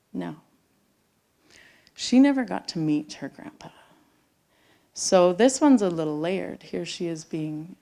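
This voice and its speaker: A woman's voice: on the low side, vocal fry, warm tone. A middle-aged woman telling a personal story live onstage, sometimes dropping to a near-whisper. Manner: intimate, drops to near-whispers at tender moments. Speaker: storyteller on stage. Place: theater stage before an audience.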